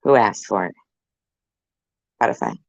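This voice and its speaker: A woman's voice: extremely low pitch, animated, unhurried, vocal fry, dry recording, muffled recording. A woman vlogger chatting to her viewers in a rambling, jokey way, laughing at her own jokes. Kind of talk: rambling casual chat to viewers.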